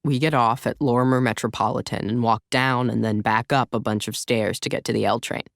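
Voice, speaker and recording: Gravelly, wry male audiobook narrator. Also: mid-range voice, fairly even intonation, fairly quick, no room sound, clean studio sound. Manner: wry, conversational. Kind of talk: audiobook narration, first person. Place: recording studio.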